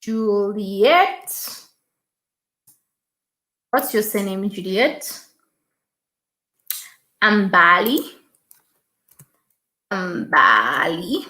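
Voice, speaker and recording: A woman's voice: a little high, slow, a bit bright, roomy sound. A woman hosting a casual YouTube live stream, chatting, reading viewer comments aloud and repeating her thanks.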